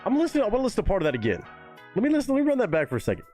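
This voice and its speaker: Young male streamer, lively and profane, casual chat over faint music. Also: high-pitched, very fast. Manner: animated, profane, reads chat aloud. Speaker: live-stream reaction host. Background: faint music playing.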